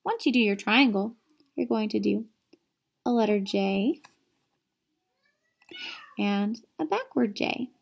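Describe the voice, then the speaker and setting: A woman art teacher with a medium-pitched, creaky voice talks slowly and leaves long pauses. Her online lesson for children is upbeat, full of direct questions to them as she shows each drawing step.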